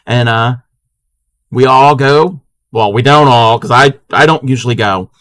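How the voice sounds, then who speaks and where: A man's voice: mid-range voice, a little slow, a bit bright, dry recording. A man hosting a casual live crafting stream, chatting playfully with viewers and laughing often.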